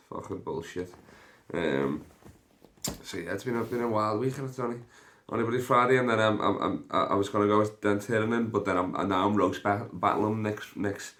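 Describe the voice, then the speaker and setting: A man's voice: deep voice, fairly bright tone. A young man hosting his own podcast, rambling in casual chat, swearing and laughing a lot as he jumps between topics. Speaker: podcast host.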